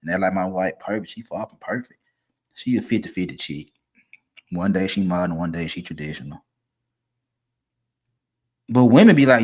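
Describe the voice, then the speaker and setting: A man, ranting casually and profanely, swinging from low mutters to loud, emphatic bursts. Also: expressive, normal speed, pauses often, slightly rough. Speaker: streamer giving opinions.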